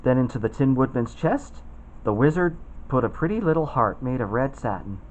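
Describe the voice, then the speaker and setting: A man reading a children's storybook aloud, expressive and putting on voices for the characters. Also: medium pitch, moderate pace, dull audio. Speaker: storybook reader.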